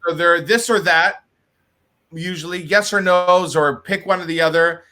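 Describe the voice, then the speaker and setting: A man's voice: high-pitched, moderate pace, sharp tone. A man hosting an interview over a video call, chatting in a playful, upbeat way. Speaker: host. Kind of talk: casual interview chat.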